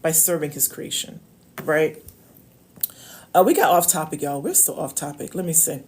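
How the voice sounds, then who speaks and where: A woman's voice: sits low, steady tone, moderate pace. A woman coaching on love, talking casually and emphatically to viewers on a live stream. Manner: emphatic, preachy, addresses viewers as y'all.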